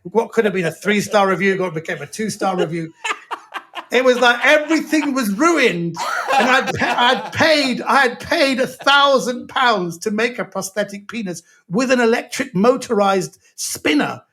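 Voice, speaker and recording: A male comedian telling a long, self-mocking anecdote as a guest, in a lively, rambling way. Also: very high-pitched, normal speed, slight background noise.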